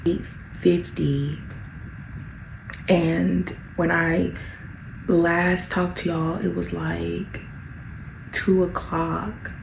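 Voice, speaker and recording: Tired chatty young woman, gravelly voice. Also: on the low side, level tone, drawn-out words, long pauses, reverberant, a little hiss or hum. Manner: chatty, dramatic and self-mocking, drops to whispers. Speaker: vlogger. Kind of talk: casual vlog chat. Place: indoors at home while painting.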